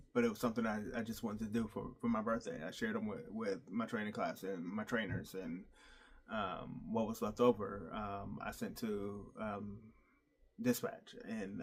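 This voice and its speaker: A man telling a heartfelt story in a casual personal vlog, halting often with fillers and restarts. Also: lowish voice. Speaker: vlogger.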